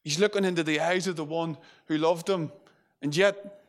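Here a man with a fairly high pitch and fairly even intonation delivers a sermon at normal speed. His style is chatty, riddled with fillers and restarts, and he performs the quotes he cites.

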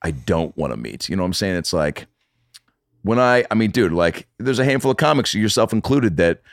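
A man's voice: sits low, fairly quick, no echo, clean studio sound. A man chatting casually as a podcast guest, telling stories with lots of swearing and acted-out quotes. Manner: animated storyteller, swears, acts out quotes. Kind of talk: casual chat.

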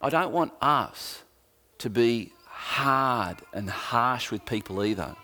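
A man's voice: medium pitch, expressive, slow pace, bright, forceful tone. A man with an Australian accent, preaching a sermon as a pastor in an earnest, conversational way with joking asides.

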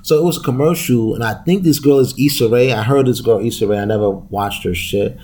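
A man's voice: mid-range voice, brisk, a little mellow. A man hosting a solo podcast, talking in a loose, profane, rambling way and laughing often. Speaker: podcast host. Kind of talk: casual solo podcast rant.

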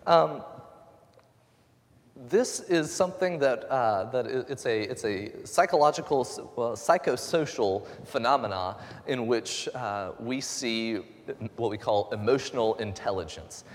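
A man pastor giving a conversational sermon, relaxed and joking with lively asides. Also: medium pitch, measured pace. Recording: long hall reverb.

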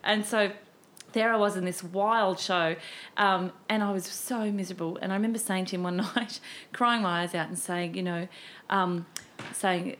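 A woman's voice: medium pitch, normal speed, hardly any pauses. A woman talks as a guest, storytelling with energy and slipping into her younger self. Her voice sits mid-range. A faint noise runs under the recording. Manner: animated, storytelling, acts out her past self. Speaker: guest, cabaret performer. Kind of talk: casual chat.

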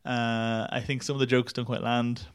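A man's voice: medium pitch, little pitch movement, normal speed, smooth. A man reviewing films in casual chat, rambling and wry, laughing at his own jokes and swearing now and then. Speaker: podcast film reviewer.

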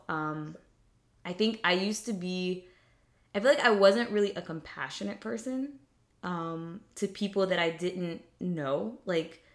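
A woman's voice: on the low side, a bit bright. A young woman talking casually and reflectively about faith, with many fillers and restarts.

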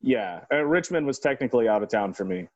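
A man's voice: mid-range voice, animated, fairly quick, no room sound, muffled recording. A man from South Carolina, a moped club member, talking as a guest in a laid-back way with crude slang. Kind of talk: casual interview chat.

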